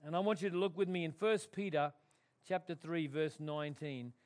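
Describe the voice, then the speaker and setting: A man preaching a sermon, swinging from loud emphatic declarations to hushed, quiet tones. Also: on the high side, moderate pace. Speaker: pastor.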